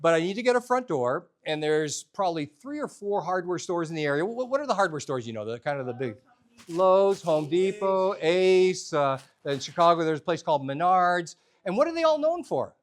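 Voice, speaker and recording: Male storyteller, comic and self-mocking, with a bouncy, highly expressive delivery. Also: moderate pace. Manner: animated, humorous, self-deprecating. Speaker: storyteller leading a workshop. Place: workshop room with a live audience.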